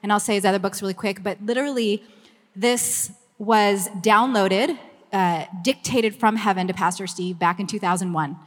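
A woman's voice: medium pitch, normal speed. A woman in her fifties with a Southern Californian Valley Girl accent, talking chattily and effusively to a church gathering and then praying. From Los Angeles, USA. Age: 50s. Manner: bubbly, effusive, chatty with frequent "like". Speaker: ministry communications director. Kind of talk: church meeting talk and prayer. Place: church meeting room. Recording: long reverb of a hall.

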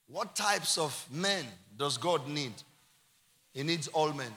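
A man with a Nigerian accent preaching a sermon as pastor, moving from quiet asides to shouted climaxes. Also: on the high side, unhurried, long reverb tail. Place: church.

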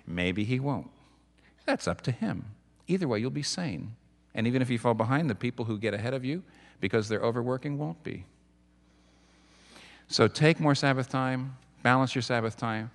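A middle-aged man giving a sermon as pastor, talking in a conversational, storytelling way with halting restarts. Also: mid-range voice. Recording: long hall reverb.

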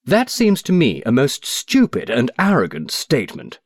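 A man's voice: mid-range voice, huge pitch swings, normal speed, no room sound, studio quality, pitched above the performer's own voice. A man voicing an irritable, aggressive politician who speaks brusquely and sarcastically in a storybook reading. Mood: irritated.

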